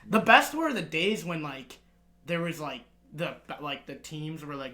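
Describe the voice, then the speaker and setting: Young man, podcast co-host, high and bright voice, casual profane storytelling. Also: expressive, measured pace. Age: young adult. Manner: profane, laughing anecdotes with acted-out quotes.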